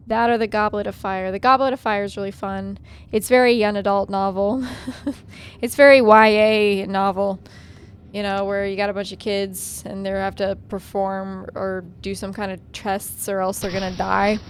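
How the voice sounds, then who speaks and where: A woman's voice: mid-range voice, smooth. A young adult woman chatting casually on a gaming livestream, playful and swearing freely as she riffs on accents. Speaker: gaming streamer. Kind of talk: casual livestream gameplay chat.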